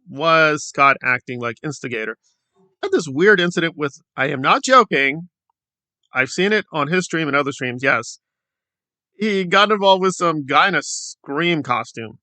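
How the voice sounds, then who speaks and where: A man's voice: on the high side, lively intonation, a little slow, bright, forceful tone, dry recording. A man hosting a sarcastic commentary vlog who mocks the people he discusses and acts out their quotes in put-on voices. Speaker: commentary channel host.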